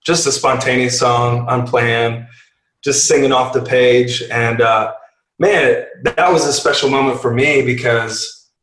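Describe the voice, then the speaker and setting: A man's voice: medium pitch, fairly even intonation, a little slow, fairly bright tone, echoey room, a little hiss or hum, low-quality recording. A man from a worship band talking earnestly in a casual interview, rambling with many fillers and restarts.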